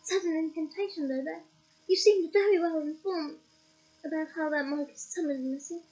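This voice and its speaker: A woman's voice: high voice, normal speed, a little mellow, lo-fi sound, close to an everyday voice. A woman reading aloud and voicing a cold, curt older male official who snaps harsh accusations. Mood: scornful.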